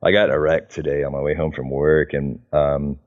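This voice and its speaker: A man's voice: extremely low pitch, little pitch movement, fairly quick, phone-quality sound. A man chatting casually as a podcast guest, rambling with lots of fillers and restarts. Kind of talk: casual conversation.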